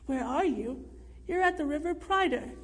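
A woman's voice: high-pitched, animated, normal speed. A woman voicing a burly, cheerful man who speaks in a formal, old-fashioned way. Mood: hearty. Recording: reverberant room.

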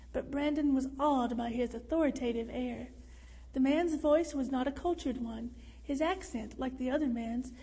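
Woman storybook narrator, expressive and measured, high voice in a reverberant room. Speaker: audiobook narrator.

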